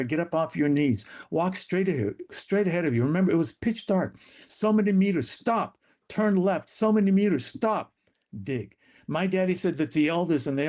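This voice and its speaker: A man telling his family's story as an interview guest, earnest and dramatic, his voice rising and falling. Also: darkish tone. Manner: earnest, dramatic retelling with shifting pitch.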